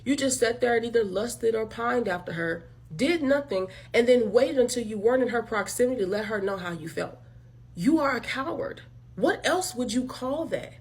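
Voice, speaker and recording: A woman's voice: on the high side, animated, moderate pace. Woman host going off on a rant, blunt and profane, keeps saying y'all to viewers. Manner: blunt, emphatic, profane, addresses listeners as y'all. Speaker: channel host. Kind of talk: direct-to-camera commentary rant.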